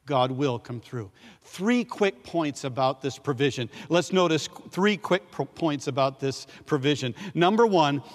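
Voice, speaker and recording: A male pastor preaching a sermon, leading call-and-response, repeating key phrases and swinging between loud emphasis and hushed lines. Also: a little high. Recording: long hall reverb.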